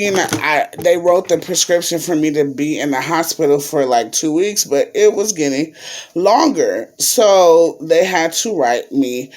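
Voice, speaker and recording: A man vlogging in a chatty, casual way, telling a story to his viewers and calling them y'all. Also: fairly high pitch.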